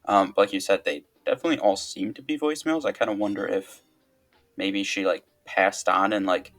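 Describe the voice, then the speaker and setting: A man's voice: fairly low pitch, brisk, a bit bright, faint music behind. A man co-hosting a podcast, talking hesitantly with many fillers as he thinks aloud. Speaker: podcast co-host. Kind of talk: casual chat.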